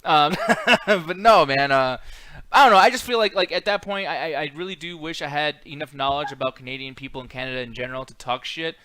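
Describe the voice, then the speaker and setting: Bright-voiced man rambling casually. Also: a little high, brisk, clear, resonant tone, no room sound. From United States. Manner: rambling, swears often, many fillers. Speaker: podcast host. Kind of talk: casual profane chat.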